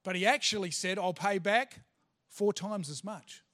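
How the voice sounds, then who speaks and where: A man's voice: high-pitched, measured pace, fairly bright tone. A male pastor preaching a sermon in church, emphatic, repeating phrases and restarting himself. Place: church hall.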